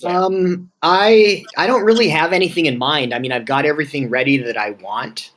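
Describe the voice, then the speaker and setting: A man's voice: fairly high pitch, moderate pace, fairly bright tone, a little hiss or hum, rough recording. A man playing a tabletop game, thinking aloud about his character's plans. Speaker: player. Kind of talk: casual chat at a tabletop game.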